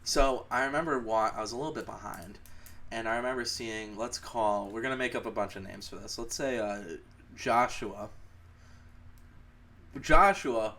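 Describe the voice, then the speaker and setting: Swearing, animated young man telling a story. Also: lowish voice, a little fast. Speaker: podcast co-host. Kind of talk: casual storytelling chat.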